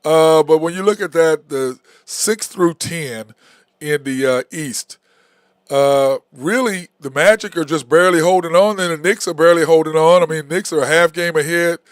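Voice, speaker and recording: Blunt, animated man hosting sports talk. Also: fairly high pitch, normal speed, clean tone, no room sound, clean studio sound. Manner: blunt, animated, says "okay?" and "bro" a lot. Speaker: sports talk show host.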